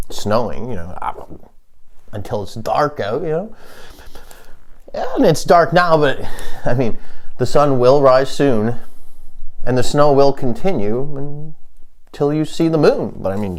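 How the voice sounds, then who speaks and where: Gravelly man rambling deadpan. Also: mid-range voice. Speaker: podcast host. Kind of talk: rambling comedic monologue.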